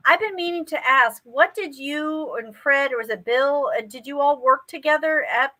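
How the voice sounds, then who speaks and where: A woman's voice: high voice, normal speed, pushed and bright, poor audio. A woman in a casual chat, easygoing, giving short replies and asking questions.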